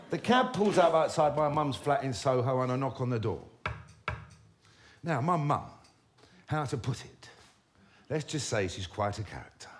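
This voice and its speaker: A man, telling comic stories about his own life in a wry, swearing, animated manner. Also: mid-range voice, measured pace, long pauses. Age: 50s. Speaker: storyteller. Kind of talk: comic autobiographical storytelling.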